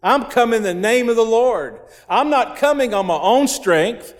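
A man's voice: extremely high pitch, lively intonation, moderate pace, voice pushed up. A man voicing young David as a bold, cocky shepherd, paraphrasing him in folksy slang. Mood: defiant. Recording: long hall reverb.

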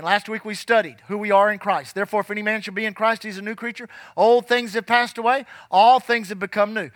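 High, bright-voiced preaching man. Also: dry recording. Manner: emphatic preaching with slowed scripture reading. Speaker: pastor. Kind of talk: sermon.

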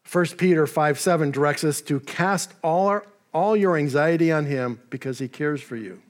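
A male pastor delivering a sermon with a somewhat high-pitched voice. He talks in a relaxed, conversational way, dropping in casual asides. His delivery stays friendly and unhurried. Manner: conversational, with asides and paraphrased dialogue.

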